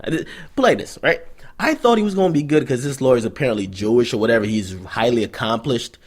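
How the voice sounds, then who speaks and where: A man's voice: mid-range voice, animated, fast talker, breathy edge. A young adult man hosting a vlog, ranting through hip-hop news commentary in a profane, sarcastic, storytelling manner.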